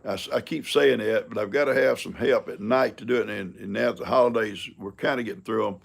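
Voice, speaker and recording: A man's voice: fairly low pitch, fairly even intonation, fairly quick. An older man, rambling folksy and chuckling as he hosts a casual live stream. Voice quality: gravelly, husky. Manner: folksy, rambling and chuckling, talks to his cats. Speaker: livestream host.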